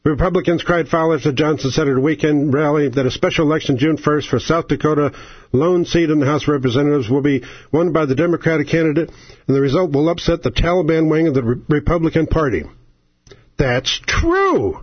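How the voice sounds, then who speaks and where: A man's voice: a little high, expressive, a little fast, slightly rough, no echo. A man hosting a talk radio show, ranting in an angry, sarcastic, exasperated way. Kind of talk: political radio rant. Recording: lo-fi, dry radio sound.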